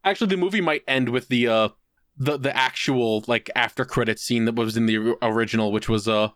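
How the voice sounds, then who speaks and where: A man co-hosting a podcast, telling a long story in casual chat. He is animated and profane, and he slips into put-on voices to act out quotes. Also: mid-range voice, brisk, no echo, clean studio sound. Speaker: podcast co-host.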